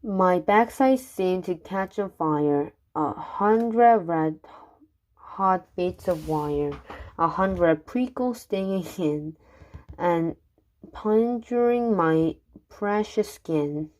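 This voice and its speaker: A woman reading rhyming children's poems aloud, unhurried, now and then stumbling and restarting a word. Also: lowish voice, expressive, darkish tone. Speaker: reader.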